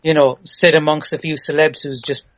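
A man in casual chat, giving his opinions in a measured way. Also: on the high side, little pitch movement, no room sound, muffled recording.

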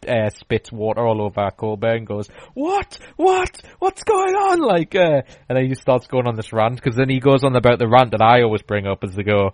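A man's voice: on the low side, fairly even intonation, quick pace, few pauses, no echo. A man in casual chat, telling a long story with many fillers and restarts.

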